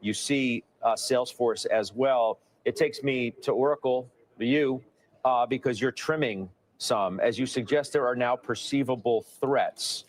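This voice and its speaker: Brisk male financial TV anchor. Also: medium pitch, a little hiss or hum. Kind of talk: broadcast market discussion.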